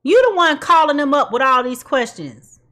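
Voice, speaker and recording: A woman's voice: high voice, normal speed, sharp tone. A woman giving a casual tarot reading in a blunt, sassy way and laughing at her own jokes. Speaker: tarot reader.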